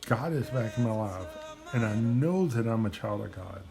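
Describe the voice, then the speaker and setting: A man's voice: fairly low pitch, lively intonation, moderate pace, gravelly, music in the background. A man giving a personal testimony to a camera, earnest and emotional, often repeating himself.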